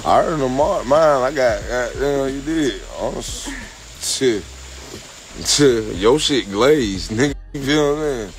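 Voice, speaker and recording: A man joking around with his partner at a pool at night, cursing and complaining loudly. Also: medium pitch, a little slow, soft background music, poor audio. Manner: profane, animated, indignant. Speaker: vlogger. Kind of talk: casual banter.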